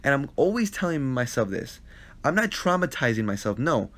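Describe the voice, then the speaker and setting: A man's voice: mid-range voice, big pitch swings, moderate pace, fairly bright tone. A man hosting a casual live-stream Q&A, earnestly answering viewer questions about life and relationships, often repeating himself and checking in with the listener. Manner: earnest and repetitive, checks in with "right?". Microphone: phone live stream.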